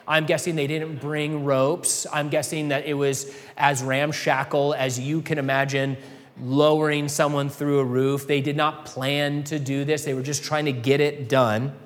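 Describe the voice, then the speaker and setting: A man's voice: a little high, big-room sound. A man preaching a sermon as pastor, earnest and conversational, with rhetorical questions.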